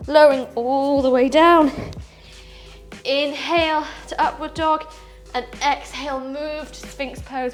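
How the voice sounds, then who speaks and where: Young female yoga instructor, high and bright, cueing poses and counting breaths over faint music. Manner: upbeat, counts breaths aloud while moving through poses. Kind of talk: guided yoga class instruction.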